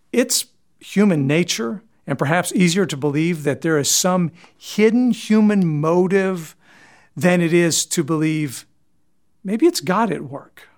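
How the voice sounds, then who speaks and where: A man preaching a sermon as pastor, earnest, swinging from raised, emphatic lines to quiet, low ones. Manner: earnest preaching with dramatic rises and drops in pitch and volume.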